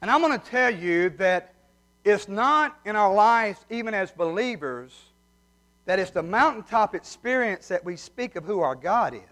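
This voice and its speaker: A man's voice: high voice, lively intonation, normal speed, fairly bright tone. A man preaching a sermon, folksy and heartfelt as he tells stories. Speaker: pastor. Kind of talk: sermon with humorous story.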